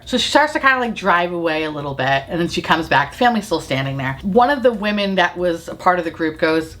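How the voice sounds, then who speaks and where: A young adult woman vlogger telling a profane, animated storytime while doing her makeup. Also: on the low side, fairly quick, few pauses. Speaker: beauty vlogger. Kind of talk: get-ready-with-me storytime.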